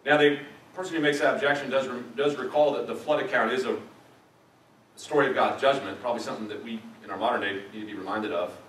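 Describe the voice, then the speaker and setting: A middle-aged man teaches a church audience in a relaxed, conversational way with touches of dry humor. His voice rings through an echoey sanctuary, picked up from a distance over a faint room hum. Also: mid-range voice, fast. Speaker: guest lecturer at a church.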